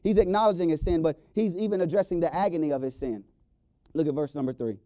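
A man with a high, dark-toned voice preaches a revival sermon. He reads scripture aloud and builds his points with emphatic rises and slow, stretched phrases. The sound is close and dry. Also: expressive, no echo. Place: church sanctuary.

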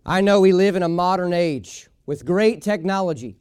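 A male pastor delivers an emphatic sermon in a high, clear, resonant voice. He hammers home his main points by repeating them. The sound is close and dry, with no room around it. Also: moderate pace, a little mellow, no echo. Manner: emphatic preaching with repeated key phrases.

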